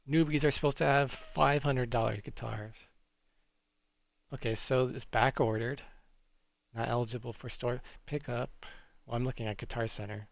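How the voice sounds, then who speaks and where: Gravelly man chatting on a live stream. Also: medium pitch, no room sound. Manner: relaxed, chatty, reacts to chat. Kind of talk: casual live-stream chat.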